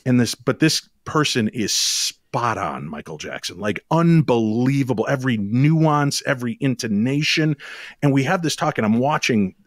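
A man who hosts a paranormal radio show, telling stories as a podcast guest in a lively, quick way with sudden jumps in pitch. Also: dry recording, clean studio sound. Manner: animated, quick storytelling with sudden rises in pitch. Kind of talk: storytelling in a podcast interview.

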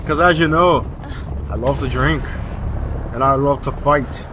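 A man's voice: mid-range voice, a little slow, background noise, lightly acted. A man putting on the voice of a rowdy, boastful male brawler who loves to drink and fight. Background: game music.

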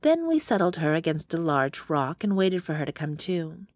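A woman narrating a first-person romance audiobook in steady storytelling on a close studio mic. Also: low-pitched, a little slow, hardly any pauses, no echo. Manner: steady storytelling with dialogue voices.

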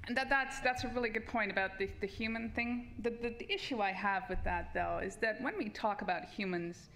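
A woman's voice: fairly high pitch, fairly bright tone, slight background noise. A woman researcher giving a comic debate speech on a festival stage, full of hesitant restarts and wry humor.

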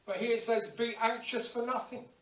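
A man preaching a lively sermon in a church, acting out little everyday scenes and prayers as he goes. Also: extremely high pitch, moderate pace. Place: church hall. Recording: echoey church hall, distant mic.

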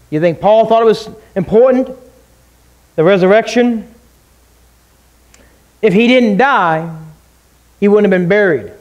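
A man pastor preaching a sermon, emphatic, with rhetorical questions and pauses. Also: sits high, a little mellow.

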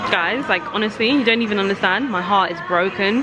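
A mother shoots a casual vlog on a handheld camera inside a supermarket, rambling in a chatty, exasperated way. Her voice is medium-pitched and brisk with few pauses, and the recording is rough.

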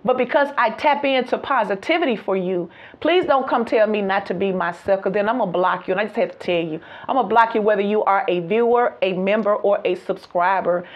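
A woman doing a lively tarot reading, often laughing and singing out her phrases. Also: medium pitch, muffled recording. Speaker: tarot reader.

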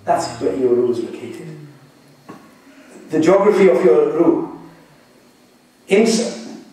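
A man giving a religious lecture, explaining slowly and deliberately and checking that his listeners follow. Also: on the high side, animated, mellow, a little hiss or hum. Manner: slow, deliberate explaining with audience check-ins. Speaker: Islamic teacher. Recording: echoey room, mic far off.

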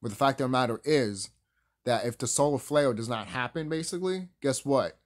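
A man's voice: medium pitch, lively intonation, fairly quick. A young man hosting his own channel, ranting emphatically and profanely in a casual spiritual monologue, often restarting his sentences. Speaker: YouTube channel host.

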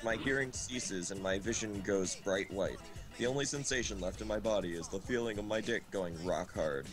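A man streamer reading a story aloud in a deadpan comic way, tripping on words now and then. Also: on the low side, normal speed. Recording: loud game music behind. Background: game music.

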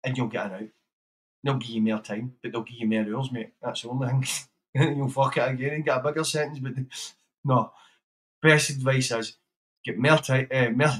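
A man's voice: mid-range voice, steady tone, a little fast, fairly bright tone, poor audio. Guy on a stream, swears a lot, blunt advice, keeps laughing. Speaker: livestream host. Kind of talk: casual livestream chat.

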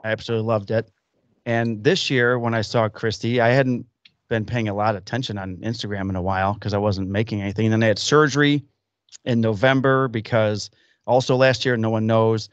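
A man's voice: lowish voice, little pitch movement, fairly quick, dry recording, lo-fi sound. Fifty-something man telling rambling stories. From Illinois. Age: 50s. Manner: rambling anecdotes with acted-out quotes. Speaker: podcast host. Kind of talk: casual storytelling chat. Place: home workshop basement.

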